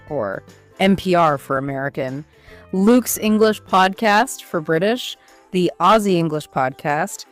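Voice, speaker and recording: A woman co-hosting an educational podcast, walking listeners through study steps one by one in an upbeat chatty way. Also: fairly low pitch. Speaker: podcast co-host. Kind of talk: scripted educational podcast chat.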